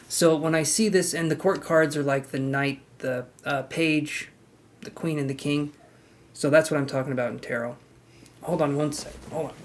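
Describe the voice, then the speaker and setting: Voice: medium pitch, a little hiss or hum. A tarot reader giving a casual live-streamed reading, chatty and talking straight to the viewer with frank asides.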